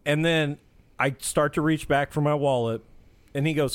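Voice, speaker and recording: A man's voice: a little high, fairly even intonation, smooth, no echo. Easygoing man telling a story. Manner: easygoing, quick to laugh. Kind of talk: casual storytelling chat.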